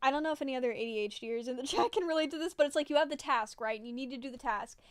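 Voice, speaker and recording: A woman's voice: high-pitched, rapid-fire, dry recording, clean studio sound. A young adult woman streamer chatting casually with her live viewers, rambling and giggling often, with many fillers. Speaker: livestreamer.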